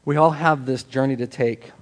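A man's voice: mid-range voice, fairly even intonation, normal speed. A man pastor preaching a sermon in a church on a microphone, reading scripture, then talking plainly with casual asides and leading a prayer. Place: church sanctuary. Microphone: handheld or stand microphone.

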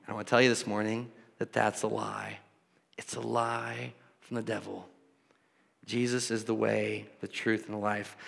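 A man preaching a sermon and leading prayer as pastor, emphatic, with dramatic pauses. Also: fairly low pitch, creaky, fairly bright tone. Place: church sanctuary. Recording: long reverb of a large hall.

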